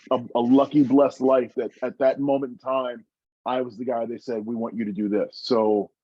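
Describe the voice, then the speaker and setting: A man's voice: mid-range voice, darkish tone, dry recording, highs cut off. Earnest man recalling his career. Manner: earnest, emotional, many restarts. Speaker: guest, former wrestler. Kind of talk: reflective interview storytelling.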